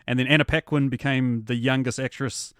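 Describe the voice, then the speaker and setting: A man from New Zealand with a New Zealand accent, a film reviewer chatting as a podcast guest in a relaxed, informative way. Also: mid-range voice, a little fast, clean tone, no room sound, studio quality. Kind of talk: casual podcast chat.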